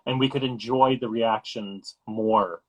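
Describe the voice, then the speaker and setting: Husky man giving measured film opinions. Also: on the low side, fairly even intonation, low-quality recording. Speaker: podcast co-host. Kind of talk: casual chat about a film.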